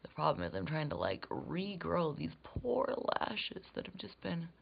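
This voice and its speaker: A woman's voice: low voice, huge pitch swings, unhurried, gravelly, slightly rough. A woman rambling through a casual makeup tutorial, swearing freely and slipping into whispered asides. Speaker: beauty vlogger. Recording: dull lo-fi recording.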